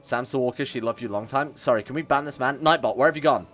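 Setting up a strategy game live, this young man banters easily with his chat over faint background music. He speaks quickly in a medium pitch with a fairly bright tone.

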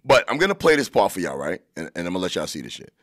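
A man's voice: deep voice, big pitch swings, very fast, a bit bright. A man hosting a podcast alone, a comedian giving crude, joking commentary from his own studio. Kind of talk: casual podcast monologue.

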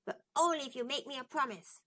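A woman voicing a small persistent talking frog in a storybook, adding croaks to his lines. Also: high-pitched, fast talker, pushed and bright. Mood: insistent. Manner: croaks "ribbit" between lines.

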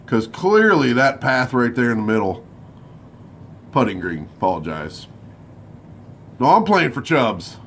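A man rambling through a casual vlog, swearing constantly and breaking into loud outbursts. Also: mid-range voice, big pitch swings, unhurried, creaky, pauses often, slight background noise. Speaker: vlogger at a vape shop. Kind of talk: casual profane vlog chat.

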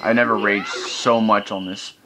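A man's voice: fairly low pitch, fairly even intonation, normal speed, background noise. A young man narrating his gameplay, ranting in exasperation with frequent exclamations. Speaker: let's play gamer. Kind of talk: gameplay commentary. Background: video game music.

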